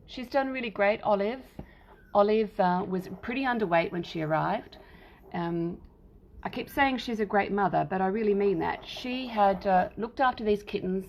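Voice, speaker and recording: A woman's voice: medium pitch, gravelly, darkish tone, slight background noise. A middle-aged Australian woman hosting a cat rescue livestream from her home, talking casually and at length about the kittens. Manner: chatty, rambling, fond baby talk to the kittens.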